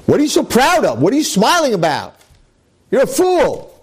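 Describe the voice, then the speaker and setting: A man's voice: sits high, big pitch swings, slow, a little mellow, breathy edge, voice pushed up, full character voice. A mocking devil taunts his target in a sneering, raised voice, as a male storyteller puts him on. Every line drips with scorn. He pushes and needles.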